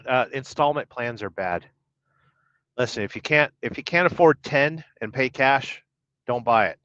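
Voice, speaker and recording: A man's voice: medium pitch, moderate pace, fairly bright tone, no echo. A middle-aged man hosting a casual trucker livestream, reading viewer comments with wry, rambling banter. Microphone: podcast-style audio only. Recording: dull lo-fi dry stream audio.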